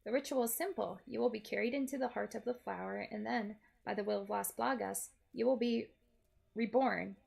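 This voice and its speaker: A woman's voice: on the high side, brisk, creaky, darkish tone, slightly rough, exaggerated voice. A woman voicing a pompous, grandiose small male villain while reading a game aloud. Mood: menacing. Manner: pompous, theatrical.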